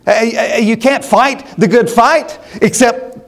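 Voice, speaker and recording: A middle-aged man preaching with a high voice. He drives his points home by repeating phrases, and he stumbles and restarts as he builds. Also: fairly even intonation, slow. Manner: emphatic, repetitive, with frequent restarts. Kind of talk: sermon.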